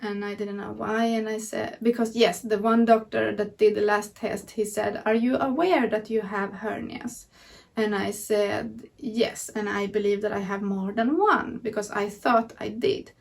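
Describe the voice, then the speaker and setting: A woman's voice: mid-range voice, steady tone, a little slow, creaky, far from the mic. A woman vlogger telling her personal story earnestly and candidly to camera. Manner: earnest, candid retelling of events.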